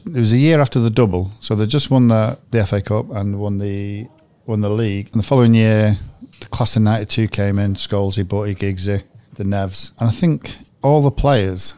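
A man co-hosting a football podcast, a former player telling dressing-room stories in a relaxed, chatty way. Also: fairly low pitch. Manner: chatty storyteller. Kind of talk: casual podcast chat.

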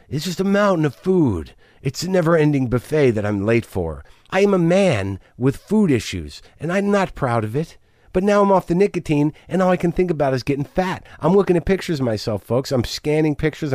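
A man's voice: mid-range voice, a little mellow, no echo, studio quality. A middle-aged man hosting a podcast, talking in a manic, rambling, profane confessional monologue. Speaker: podcast host.

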